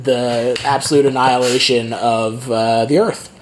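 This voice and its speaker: A man's voice: mid-range voice, little pitch movement, measured pace. A man hosting a podcast, recapping a film in casual chat and laughing often. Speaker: podcast host.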